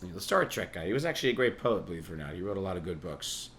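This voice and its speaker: A man's voice: deep voice, big pitch swings, racing, a bit bright, slight background noise. A man hosting a podcast, rambling through a casual monologue, profane and sardonic, laughing at his own jokes. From New York. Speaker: podcast host.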